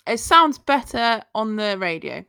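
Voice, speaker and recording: A woman co-hosts a podcast, teasing and quick to laugh. Her voice is bright and her pitch swings widely, while her pace stays slow and easy. The recording is dry and close. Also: sing-song, vocal fry, clean tone, no echo. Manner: giggly and teasing. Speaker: podcast co-host. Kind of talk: casual podcast chat.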